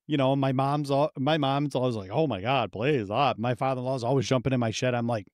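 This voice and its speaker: A man's voice: medium pitch, quick pace, no room sound, clean studio sound. A man in his thirties co-hosting a casual podcast, swearing constantly and telling stories full of acted-out quotes. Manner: heavy swearing, animated storytelling with acted quotes. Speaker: podcast co-host. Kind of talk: casual uncensored podcast chat.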